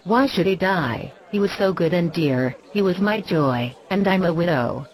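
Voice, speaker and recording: A woman's voice: on the low side, animated, normal speed, darkish tone, a faint crowd, natural voice, rough recording. A woman reading aloud and voicing a grieving widowed mother who pleads desperately.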